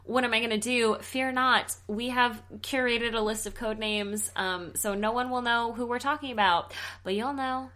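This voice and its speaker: A woman's voice: fairly high pitch, fairly even intonation, normal speed, few pauses, bright, forceful tone. A woman hosting a casual podcast chat, joking and teasing. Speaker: podcast host.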